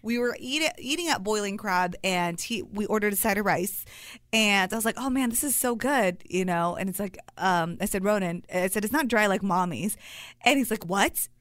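A woman co-hosting a podcast in casual chat, telling animated stories with lots of agreeing fillers. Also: medium pitch, moderate pace, no echo. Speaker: podcast co-host.

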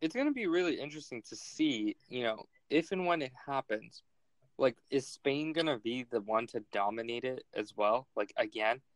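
A man's voice: medium pitch, lively intonation, normal speed, no room sound, poor audio. A man hosting a casual sports podcast, joking and teasing as he reads fan questions. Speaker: podcast host.

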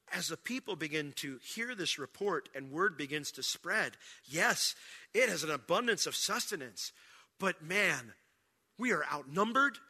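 A man preaching a sermon, reading scripture aloud and breaking into dramatic shouted lines. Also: very high-pitched. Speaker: pastor. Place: church sanctuary.

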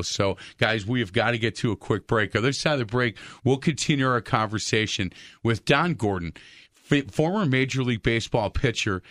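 A man's voice: mid-range voice, fairly quick, a bit bright, dry recording, studio quality. A man hosting a talk-radio show, talking loosely with stumbles and frequent restarts.

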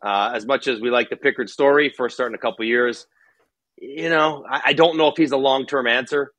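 A man's voice: mid-range voice, fairly even intonation, brisk, a bit bright, no room sound. A man who used to play professionally, talking hockey candidly and casually on a podcast, thinking aloud with a few fillers. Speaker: hockey analyst, former player. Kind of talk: casual sports podcast chat.

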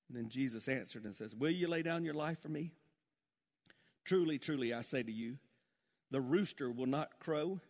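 A man preaching a sermon as pastor, swinging between emphatic exclamations and hushed prayer. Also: on the high side, in a large hall. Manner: animated, rising to emphatic exclamations then dropping to hushed prayer.

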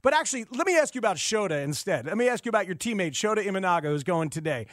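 A man's voice: sits high, very animated, rapid-fire, fairly bright tone, no room sound, studio quality. A man interviewing a player, asking questions in a playful, upbeat way. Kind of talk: morning interview.

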